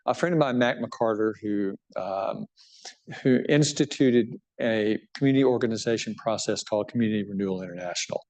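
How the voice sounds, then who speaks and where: A man's voice: on the low side, brisk. A middle-aged man, a bishop, talking casually about his book to an audience, often restarting and checking in with "right?". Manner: conversational, animated, many restarts and "right?" tags. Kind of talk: book talk with audience questions.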